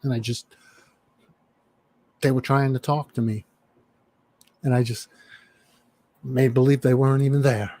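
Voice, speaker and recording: A man telling a story in casual chat, swearing freely and animated. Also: medium pitch, a little slow, pauses often, no echo. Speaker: chat participant.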